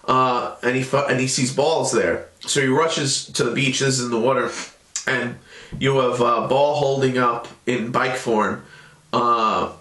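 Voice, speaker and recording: A man's voice: medium pitch, fairly even intonation, measured pace, sharp tone, echoey room. A man casually recapping a cartoon episode in a loose, rambling way. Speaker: show reviewer.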